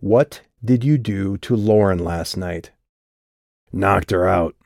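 A hard-edged young woman with a biting, clipped delivery, voiced by a male audiobook narrator. She speaks low and close on a dry mic. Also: slow, a little mellow, dry recording. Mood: defiant. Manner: curt, sneering, defiant. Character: sharp-tongued tough young woman. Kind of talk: audiobook character voice.

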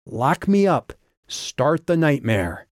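A sharp-tongued young woman , as a male narrator puts her on, spits sarcastic threats in a raised, tight voice. The read is dry and close, with no room around it. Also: fairly high pitch, sing-song, takes it slowly, dry recording, pitched above the performer's own voice. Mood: defiant.

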